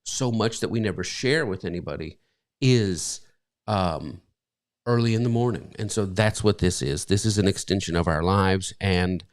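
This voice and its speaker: This is a middle-aged man co-hosting a casual podcast from home. His voice sits low, and he talks in a loose, emotional ramble with plenty of ums and uhs. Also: normal speed. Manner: rambling, emotional, many fillers. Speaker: pastor and podcast co-host. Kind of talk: casual live-stream chat. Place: home bedroom.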